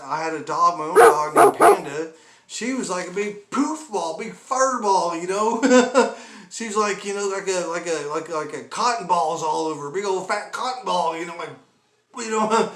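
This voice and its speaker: A man's voice: high-pitched, pushed and bright. A man telling comic stories about his pets in a rambling, chuckling way, with exaggerated asides. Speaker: comedy vlogger. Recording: echoey room with background noise.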